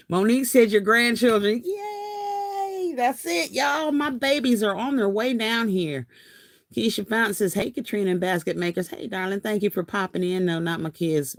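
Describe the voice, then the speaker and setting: A woman's voice: fairly low pitch, no room sound, clean studio sound. A woman in her fifties hosting a casual craft live stream, chatty and laughing often as she reads viewer comments aloud. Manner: chatty, laughs often, says y'all a lot. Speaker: craft channel host.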